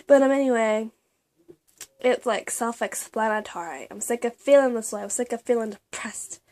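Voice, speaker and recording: A young woman talks to the camera in a casual, confessional vlog. Her voice sits a little high. She speaks haltingly, with plenty of ums and restarts, and sometimes drops to a whisper. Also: darkish tone. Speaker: vlogger.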